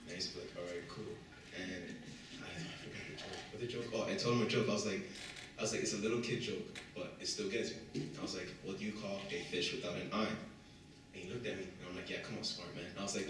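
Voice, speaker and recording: A man's voice: low voice, fast. A young man telling a rambling, slangy story about his old professor at a memorial, laughing often. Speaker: former student speaker. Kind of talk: casual spoken anecdote at a memorial. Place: memorial gathering in a large room. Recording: echoey room, distant mic, noise.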